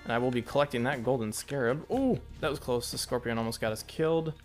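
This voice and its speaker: A man talks through his own gameplay in a loose, chatty way, his voice sitting at an ordinary middle pitch. He gets excited at near misses and explains items as he goes. Game music plays faintly underneath. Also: fast talker. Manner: chatty, excitable, thinks aloud about each move. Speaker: gameplay commentator. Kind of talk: let's play commentary.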